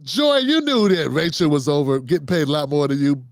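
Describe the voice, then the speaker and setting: A man's voice: fairly high pitch, lively intonation, fairly quick, dry recording, studio quality. A man hosting his own show, giving mocking, profane comedic commentary on media figures. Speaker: host.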